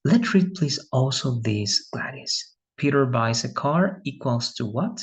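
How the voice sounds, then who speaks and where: A man's voice: mid-range voice, animated, measured pace. A man teaching an English grammar lesson, explaining patiently and checking often with "right?".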